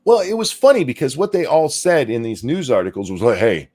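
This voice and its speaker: Animated, fast-talking sarcastic male host. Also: fairly high pitch. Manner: animated, swearing, sarcastic rants. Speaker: show host. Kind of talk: casual political commentary chat.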